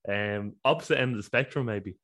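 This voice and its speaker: A man's voice: lowish voice, fairly quick, a bit bright. A man from Ireland, co-hosting a podcast and enthusing casually about football. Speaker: podcast co-host. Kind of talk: casual chat.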